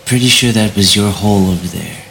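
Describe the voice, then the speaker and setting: A man's voice: lowish voice, brisk, vocal fry, fairly bright tone, a little hiss or hum, poor audio. A man voicing a mocking male vampire elder who needles a newly made vampire. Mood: taunting.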